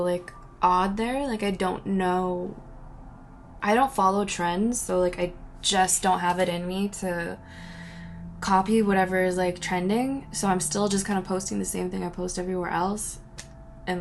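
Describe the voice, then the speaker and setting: Gravelly-voiced woman chatting casually. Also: fairly low pitch, a little hiss or hum. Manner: rambling, giggly, self-interrupting, often trailing into soft whispers. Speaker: vlogger answering viewer questions. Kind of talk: casual solo Q&A chat. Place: at home by a window.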